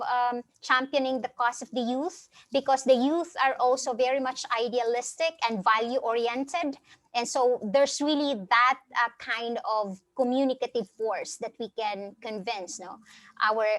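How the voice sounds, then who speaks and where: A woman speaking as a professor on a panel, earnest and halting, often tagging sentences with "no". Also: fairly high pitch, fairly bright tone, dry recording. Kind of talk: speech at a webinar panel.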